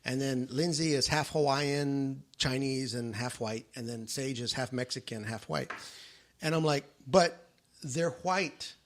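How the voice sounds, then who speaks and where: A man's voice: medium pitch, a little slow. A middle-aged man hosting a podcast, telling family stories in casual chat and acting out the voices of the people in them. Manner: animated, acts out quoted voices in his stories.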